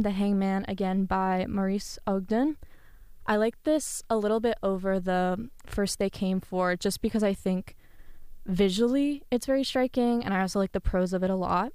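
A woman's voice: medium pitch, steady tone, moderate pace, a little mellow, smooth, no room sound, clean studio sound. A woman hosting a music playlist, reading a poem aloud and then chatting casually and modestly about the next songs. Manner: chatty, self-effacing. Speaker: host presenting a playlist. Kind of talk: poetry reading and casual spoken commentary.

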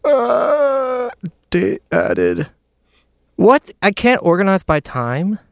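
A man's voice: high-pitched, very animated, very slow, creaky, smooth, no room sound. A young man hosting a college radio show, chatting loosely and joking at his own expense into a studio mic. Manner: joking, loose, self-deprecating. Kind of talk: casual radio chat.

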